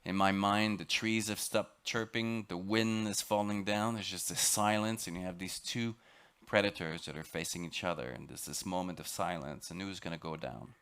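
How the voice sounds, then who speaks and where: Deep-voiced French-accented man lecturing. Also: steady tone, a bit bright, clean tone. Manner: dramatic, emphatic, with halting repeats. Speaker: expedition lecturer. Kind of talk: motivational storytelling lecture. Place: lecture on a cruise ship.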